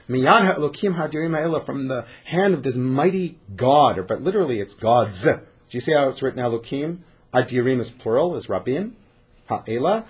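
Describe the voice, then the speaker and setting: A man teaching a Bible class, animated and sarcastic, reading verses and explaining them. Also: mid-range voice, normal speed, breathy edge. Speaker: scripture teacher.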